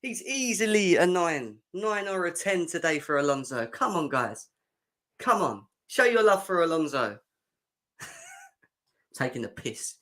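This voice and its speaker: A man's voice: high-pitched, big pitch swings, moderate pace, a bit bright. A young man hosting a fan livestream, chatting sarcastically and reacting to comments from the chat. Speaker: fan show host.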